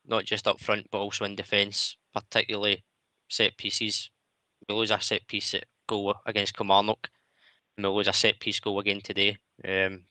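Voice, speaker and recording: A man hosts a football phone-in and sums up points in a calm, agreeable way. His voice is low and even, with a bright, forward tone. The sound is close and dry. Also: no echo. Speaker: radio show host. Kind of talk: casual football phone-in chat.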